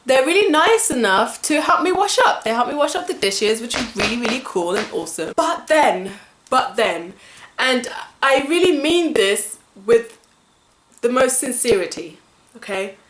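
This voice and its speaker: A woman vlogger ranting casually to camera, animated and exasperated, with lots of fillers and laughs. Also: a little high, moderate pace, roomy sound, slight background noise.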